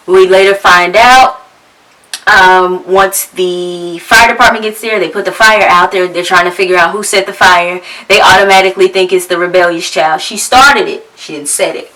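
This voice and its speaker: A woman's voice: fairly low pitch, pushed and bright, recorded from a distance, low-quality recording. A woman podcast host casually recapping a TV series, talking slangy and frank and swearing freely.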